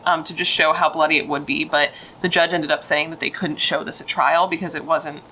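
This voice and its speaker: Woman, low bright voice, chatty true-crime host, blunt opinionated asides. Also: slight background noise, poor audio. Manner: chatty and opinionated, with frequent "like" fillers. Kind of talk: casual true-crime storytelling.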